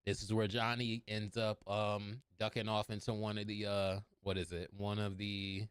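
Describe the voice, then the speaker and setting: Male movie reviewer, animated and casual, clear smooth voice, dry close mic. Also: on the low side, normal speed, no echo. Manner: animated, laughing often, swearing. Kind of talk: casual scene-by-scene movie recap.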